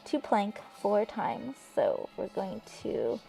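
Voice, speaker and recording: A woman leading a yoga class, giving calm, encouraging cues with soft breathy asides. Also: mid-range voice, takes it slowly. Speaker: yoga instructor. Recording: music playing faintly behind.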